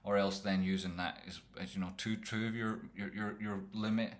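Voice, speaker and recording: A man's voice: lowish voice, flat delivery, moderate pace. A man streaming live chart analysis, rambling and jokey with some profanity. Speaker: trading streamer.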